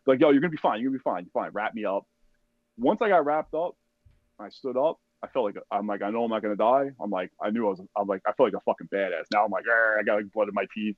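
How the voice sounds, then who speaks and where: A man with a low voice recounts a war story as a podcast guest. He is casual and profane, acts out the shouts of the people around him, and fills his speech with "like" and "you know". The recording is dry and a little dull. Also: dry recording. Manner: profane, animated retelling with acted-out quotes; heavy use of "like" and "you know". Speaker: podcast guest, army veteran.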